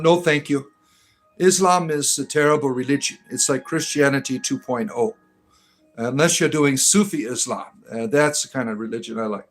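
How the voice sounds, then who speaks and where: Rambling, halting livestream host, man. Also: fairly high pitch, poor audio. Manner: rambling, halting with many fillers and restarts. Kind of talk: casual livestream chat.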